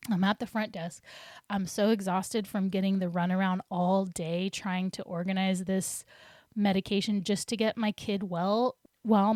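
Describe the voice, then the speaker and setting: A woman's voice: mid-range voice, a little mellow, no echo. Chatty young woman with a dry sound. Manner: rambling, chatty, many restarts and fillers. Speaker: podcast host. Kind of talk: casual personal storytelling.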